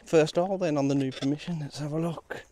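A man with a Midlands accent, out of breath, chatting excitedly to the camera outdoors while metal detecting in a field. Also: on the high side, fast talker, slight background noise. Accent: English Midlands. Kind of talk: casual outdoor commentary.

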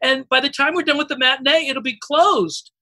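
A man's voice: very high-pitched, a little fast, pushed and bright, voice pushed up, heavily acted. A man voicing an anxious child who is pleading about a library book. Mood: frantic. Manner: frantic, pleading. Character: anxious child actor, worried young kid.

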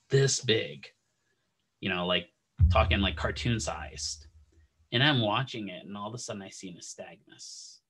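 Husky man telling a classroom story. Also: medium pitch. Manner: animated anecdote-telling, acts out quoted dialogue. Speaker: physical therapy instructor.

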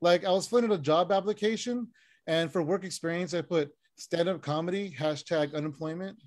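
A man performing a stand-up set over a video call, deadpan one-liners with frequent "uh" fillers. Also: high voice, a little fast. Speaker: stand-up comic.

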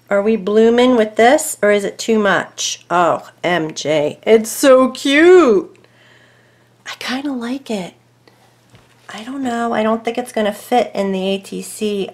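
A woman hosting a casual crafting tutorial at home, chatting to herself and her dogs as she works and thinking aloud over each choice, sometimes dropping to soft murmurs. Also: medium pitch.

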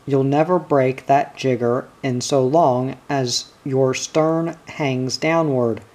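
A man reading as a gruff bossy cattle boss. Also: mid-range voice, fairly even intonation, slow pace, darkish tone, natural voice. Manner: growling, snappish, bossy.

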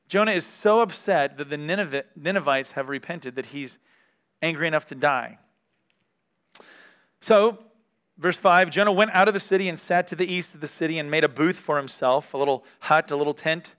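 Smooth-voiced man teaching the Bible. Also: on the high side, brisk, a bit bright. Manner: candid, reads scripture aloud between remarks.

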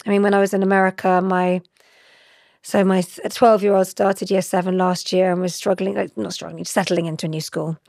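Gravelly, chatty woman. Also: on the low side, a little fast, dry recording, clean studio sound. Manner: chatty, animated, laughs often. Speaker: guest. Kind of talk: conversational interview.

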